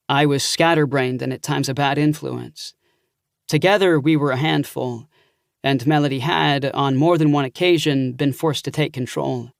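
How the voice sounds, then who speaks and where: A man's voice: fairly high pitch, creaky, dry recording, studio quality. A man narrating an audiobook thriller in the first person, reading steadily.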